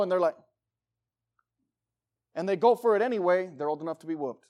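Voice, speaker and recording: A man preaching a sermon as pastor, emphatic, swinging between loud urging and quiet pleading. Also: high voice, fairly quick, pauses often.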